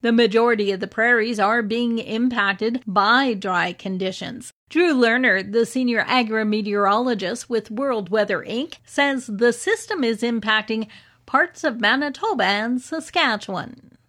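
A woman reading scripted farm news as a radio anchor, in a measured, even delivery. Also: a little high.

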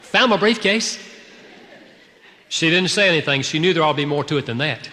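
A man preaching a sermon to a congregation, telling a personal story in an animated way, swinging between loud outbursts and hushed, quiet passages. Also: on the high side, racing, big-room sound, a little hiss or hum. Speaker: pastor.

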